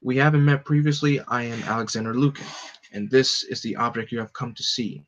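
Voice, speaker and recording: A man's voice: mid-range voice, steady tone, a little fast, a bit bright, close to an everyday voice. A man reading the part of a cold, threatening male corporate villain. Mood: cold threat. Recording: dull lo-fi recording.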